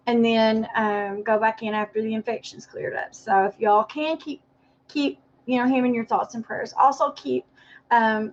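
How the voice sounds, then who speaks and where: A woman livestream host with a fairly high, creaky voice rambles through casual chat, apologizing and addressing viewers by name. The audio is dull, lo-fi livestream quality.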